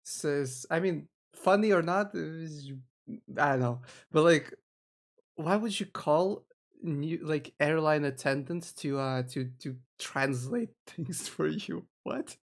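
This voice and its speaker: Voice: mid-range voice, takes it slowly. A VTuber streamer giving live, rambling reaction commentary to a video, full of restarts. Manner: rambling, confused, lots of restarts and laughs.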